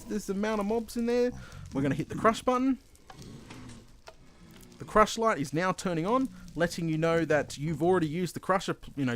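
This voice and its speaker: A man with an Australian accent giving casual, chatty commentary over his own gameplay as a video host, excitable and self-deprecating. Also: high voice, background noise.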